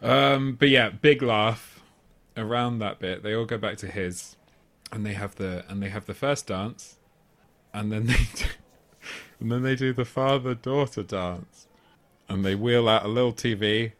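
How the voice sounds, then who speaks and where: A man's voice: fairly low pitch, measured pace, a bit bright. A man co-hosting a film podcast in casual chat, rambling, often restarting, laughing and asking "do you know what I mean.". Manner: laughs often while talking. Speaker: podcast co-host.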